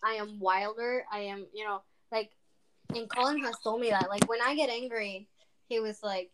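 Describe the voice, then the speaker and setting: A woman's voice: medium pitch, fairly even intonation, moderate pace, a bit bright, a little hiss or hum, poor audio. A native Spanish-speaking woman with a Spanish accent, explaining herself in casual chat.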